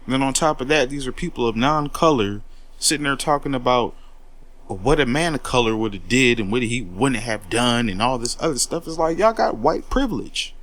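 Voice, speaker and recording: A man's voice: mid-range voice, a little fast, a bit bright. A man in a heated, profane monologue, taking on critics with repeated words and a confrontational edge. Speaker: commentary host.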